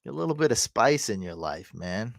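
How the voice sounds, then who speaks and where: A man hosting a live fantasy football stream, casually answering viewer comments and often breaking into excited, loud cheering. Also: on the low side, gravelly, dry recording, clean studio sound. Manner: answers chat comments quickly. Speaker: fantasy football livestream host.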